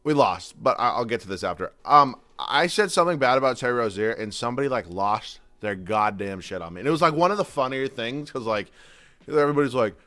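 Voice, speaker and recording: Casting note: young male gaming YouTuber, casual and foul-mouthed, ranting over gameplay, dry close sound, mid-pitched. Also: expressive, brisk, pushed and bright, dry recording. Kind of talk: gameplay commentary.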